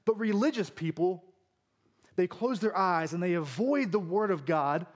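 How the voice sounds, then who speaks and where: A high-pitched male pastor preaching a sermon. He tells stories with animated, humorous energy, mixing jokes with earnest points.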